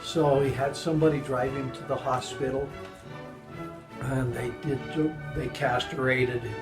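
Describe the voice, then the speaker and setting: An older man telling jokes in a casual, halting way, often restarting his sentences and jumping high in pitch when he voices the people in his jokes. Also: level tone, over music, rough recording. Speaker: joke teller.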